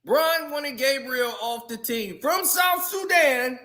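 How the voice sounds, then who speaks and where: A man giving casual, animated sports commentary on his channel, laughing often. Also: very high-pitched, slow pace. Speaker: YouTube commentator.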